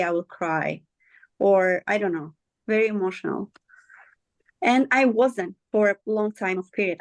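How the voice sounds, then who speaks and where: A woman's voice: medium pitch, no echo. Earnest woman speaking with a dry sound. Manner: earnest, halting, often searching for words. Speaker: guest sharing her story. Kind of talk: candid conversational interview.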